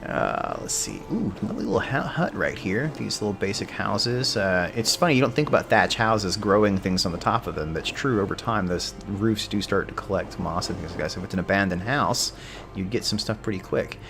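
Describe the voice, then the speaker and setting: A man's voice: lowish voice, animated, brisk, creaky, noisy background. A man giving casual, chatty commentary while playing a video game, often drifting into history asides. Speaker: game streamer. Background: game music.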